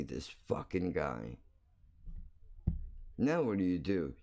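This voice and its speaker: A man's voice: low-pitched, big pitch swings, takes it slowly, dark tone. A man hosting his own show, telling a rambling story bluntly and swearing freely. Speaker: podcast host. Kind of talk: casual storytelling monologue.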